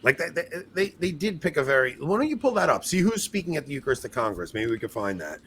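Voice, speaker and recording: A man talks as a podcast host in loose, casual chat, his pitch swinging in a lively way. He gets animated, laughs at himself and starts his sentences over. A faint hiss sits under the recording. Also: quick pace.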